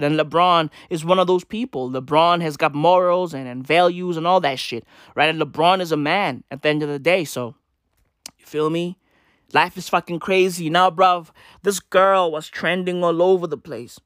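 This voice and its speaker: A woman's voice: fairly low pitch, no echo, studio quality. A woman ranting in casual commentary, swearing freely and leaning on slang fillers. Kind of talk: profane slangy commentary rant.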